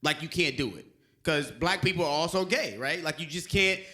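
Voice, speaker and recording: A young man from Alabama performing a stand-up comedy set on stage, shouting and singing his punchlines. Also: normal speed. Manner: animated, shouts and sings punchlines, high squeaky acted quotes.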